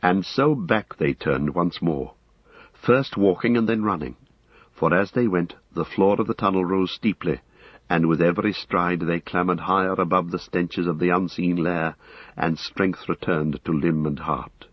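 A man reading a fantasy novel aloud, measured and dramatic. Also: deep voice, husky, no echo. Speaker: audiobook narrator. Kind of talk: scripted fantasy narration. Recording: slightly dull dry recording.

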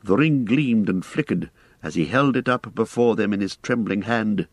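Male audiobook narrator, measured and expressive, dry booth sound. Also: fairly low pitch, no echo.

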